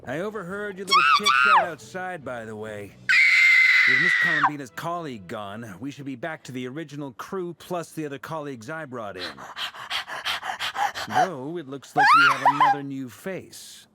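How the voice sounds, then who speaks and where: A man's voice: on the high side, wildly swooping pitch, moderate pace, loud music behind the voice. A man voicing a jovial, teasing male knight commander in a video game. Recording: game audio with loud background noise.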